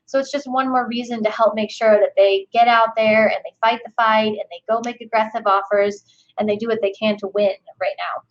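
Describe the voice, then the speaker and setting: A woman's voice: a little high, steady tone, fairly quick. Upbeat woman lender on a muffled call. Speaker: mortgage lender guest. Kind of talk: webinar panel discussion.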